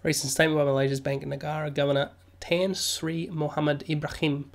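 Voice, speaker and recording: A man's voice: on the high side, little pitch movement, a little fast, gravelly. Man, live stream host, jokey, chatty, studio mic. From Australia. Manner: jokey, chatty, reads news aloud then riffs. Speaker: crypto livestream host. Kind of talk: casual live stream chat. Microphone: new studio mic.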